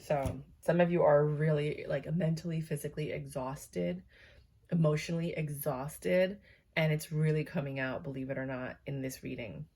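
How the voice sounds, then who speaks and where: A woman's voice: low-pitched, fairly even intonation, normal speed, darkish tone. A woman giving a casual, chatty tarot reading to her viewers, tired and yawning, with many fillers and asides. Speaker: tarot reader.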